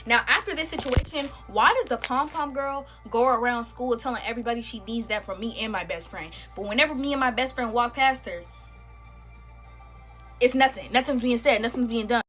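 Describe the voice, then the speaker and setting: Young woman, fairly high voice, slangy storytime chatter over faint music. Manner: chatty and animated, slangy, talks to viewers as y'all. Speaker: storytime creator. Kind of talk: casual storytime chat while making slime.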